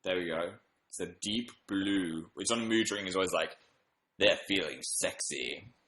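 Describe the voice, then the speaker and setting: A deep-voiced man hosts a casual livestream from a room at home, speaking at normal speed with a slightly bright tone. Tired after a late night, he chats and reads comments with upbeat bursts, though the audio is poor and reverberant.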